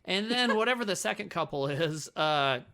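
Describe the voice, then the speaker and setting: A man's voice: sits high, expressive, moderate pace, gravelly, pushed and bright. A man co-hosting a podcast, chatting casually and jokily about a movie, rambling and swearing freely. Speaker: podcast co-host.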